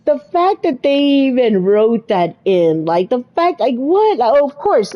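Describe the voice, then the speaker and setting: A woman's voice: sits high, big pitch swings, measured pace, hardly any pauses, highs cut off. A woman co-hosting a podcast, chatting casually and retelling movie scenes with exclamations and fillers. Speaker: podcast co-host. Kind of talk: casual chat.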